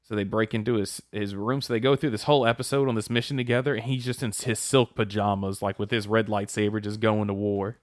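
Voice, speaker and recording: A man in casual podcast chat explains fan lore with easy confidence, dropping the odd swear word. His voice sits on the low side and is recorded dry and close. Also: steady tone, fast talker, hardly any pauses, dry recording. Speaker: podcast co-host.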